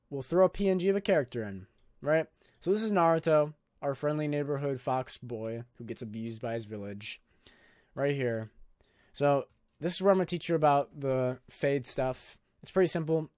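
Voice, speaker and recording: A man's voice: a little high, lively intonation, moderate pace, darkish tone, no echo, clean studio sound. A young man hosting a casual screen-recorded video editing tutorial, talking in a loose, jokey, filler-heavy way. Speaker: YouTube tutorial host.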